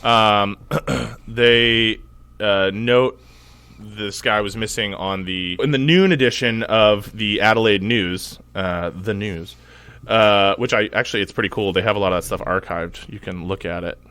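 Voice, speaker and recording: Young dude on a podcast, kinda low voice, lots of likes and ums, dry close mic. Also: male voice, unhurried, pushed and bright, smooth, no echo. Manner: rambling, filler-heavy, laughs easily. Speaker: podcast co-host. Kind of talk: casual chat.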